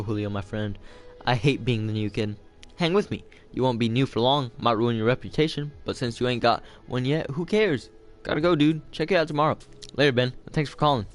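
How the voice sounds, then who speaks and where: Man casually reading a novel aloud. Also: mid-range voice. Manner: loose, chatty, stops to comment on the reading. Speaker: reader of a novel.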